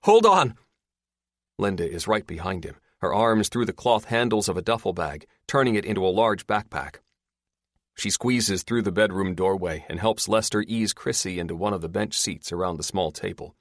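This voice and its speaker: A man narrating an audiobook in a steady, measured reading. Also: deep voice, no room sound, studio quality. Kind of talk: scripted narration.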